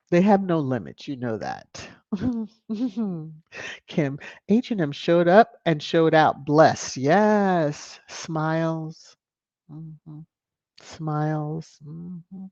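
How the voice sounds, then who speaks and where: A chatty, animated live stream host reads viewer comments aloud, laughs often, and draws out words in a middle-pitched voice. The audio is dull and lo-fi, sounding dry and close with no room echo.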